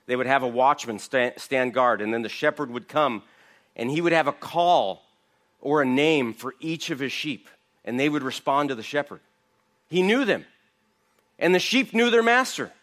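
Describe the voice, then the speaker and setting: A man's voice: medium pitch, lively intonation, moderate pace, a bit bright. A man giving an emphatic verse-by-verse Bible teaching, asking his listeners questions. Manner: emphatic, asks the audience rhetorical questions.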